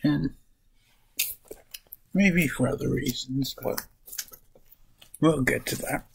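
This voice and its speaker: This man reviews comic books on his vlog, giving rambling summaries full of restarts and name corrections. He speaks slowly at a medium pitch, and his voice is creaky and husky. The recording is low quality.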